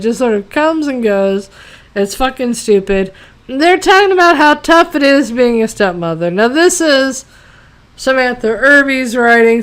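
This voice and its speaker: A woman with a fairly high, smooth and clear voice rants casually about a TV episode. She sounds exasperated and sarcastic, swears freely, and rambles through plenty of fillers. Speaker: TV episode reviewer. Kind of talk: casual ranting review.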